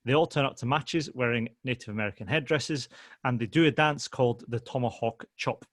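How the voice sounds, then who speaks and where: A man's voice: medium pitch, brisk, a bit bright, dry recording. A man hosting a casual podcast chat, explaining at length with frequent ums and hesitations. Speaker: podcast host.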